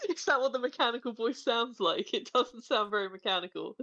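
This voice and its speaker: A woman co-hosting a casual podcast, reacting quickly with playful teasing asides. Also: fairly high pitch, lively intonation, a bit bright, no echo. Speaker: podcast co-host. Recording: slightly muffled dry audio.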